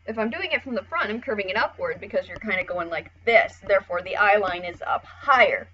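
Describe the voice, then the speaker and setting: A woman casually explaining how to draw expressions, chatty and relaxed, with the odd swear. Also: medium pitch, brisk, slightly rough, muffled recording. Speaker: art tutorial host. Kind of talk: casual drawing tutorial.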